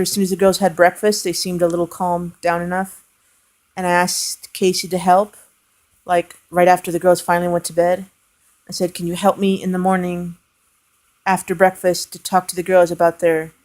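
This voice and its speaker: A woman with a fairly low voice tells a personal family story to the camera. She talks earnestly and hesitantly, with fillers and restarts. Her tone grows quieter and emotional as she goes. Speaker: aunt telling a family story. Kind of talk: casual storytelling vlog.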